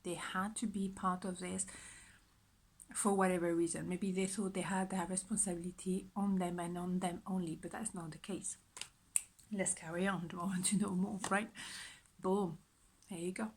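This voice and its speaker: A woman's voice: on the low side, little pitch movement, normal speed, slight background noise, rough recording. A woman giving a general pick-a-card tarot reading in a chatty, repetitive way. She often drops her voice to a whisper. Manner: soft-spoken, often dropping to a whisper; chatty, repetitive, self-reassuring. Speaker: tarot reader.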